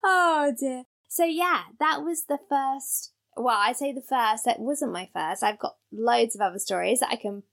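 A woman with a gravelly edge to her voice tells a spooky tale to a friend. She speaks casually and with animation, laughing now and then and acting out the people in her story. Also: on the high side, moderate pace, hardly any pauses, fairly bright tone. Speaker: podcast co-host.

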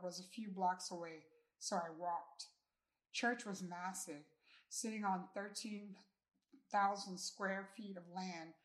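A woman reading her own novel aloud in the first person, a relaxed and inviting storyteller. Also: medium pitch.

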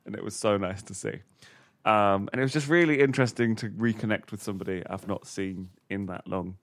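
A man's voice: lowish voice, fairly quick, no room sound, studio quality. A man, co-host and comedian on a comedy game show podcast, telling a casual anecdote full of uhs. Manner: rambling storytelling with many uhs.

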